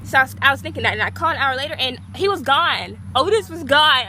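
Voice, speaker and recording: A young woman from the Gulf Coast of Texas, telling a story in a casual vlog. She rambles, fills her talk with "like" and bursts into excited squeals. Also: high voice, fast talker, hardly any pauses, heavy background noise. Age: young adult. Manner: chatty and rambling, heavy use of "like". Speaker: vlogger.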